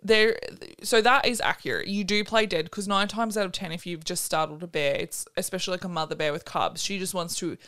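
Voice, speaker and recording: A woman co-hosting a casual podcast chat, animated and swearing, acting out quotes in silly voices as she tells stories. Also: on the low side, a little fast, hardly any pauses. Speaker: podcast co-host.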